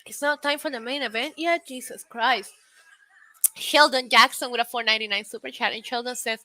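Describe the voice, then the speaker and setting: A woman's voice: a little high, a little fast, bright, forceful tone, no echo, rough recording. A young woman hosting a live wrestling watch-along, reacting bluntly with profanity and laughter and reading out viewer messages. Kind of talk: casual live reaction commentary.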